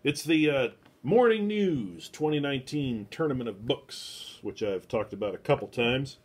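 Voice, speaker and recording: A man's voice: mid-range voice, lively intonation, normal speed. A man hosts a casual book club livestream from his home, speaking into his phone. He meanders between topics with self-deprecating asides. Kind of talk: rambling casual livestream talk. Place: home, talking to a phone camera.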